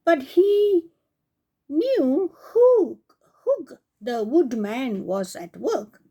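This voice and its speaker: A woman reading a fairy tale aloud for children, slowly and gently, stopping to talk to her young listeners. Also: on the high side. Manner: slow, with chatty asides to young listeners. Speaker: storyteller on a kids' channel.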